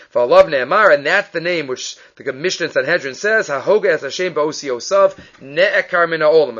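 A man with a fairly high voice gives a Talmud class, reading Hebrew and Aramaic passages aloud and explaining each one in English. He keeps asking questions and then answering them himself. The recording sounds muffled and low-fidelity. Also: a bit bright. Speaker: Torah teacher.

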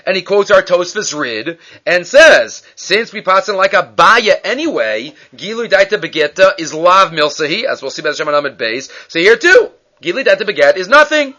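A man teaching a Talmud class, lively and questioning, mixing in Hebrew and Aramaic terms. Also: sits high. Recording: dull lo-fi class recording.

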